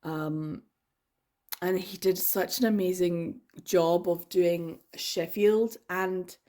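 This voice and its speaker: A woman's voice: on the low side, steady tone, takes it slowly, mellow. A woman talking casually as a book vlogger, rambling and enthusiastic, with lots of fillers and laughter. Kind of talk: casual chatty vlog.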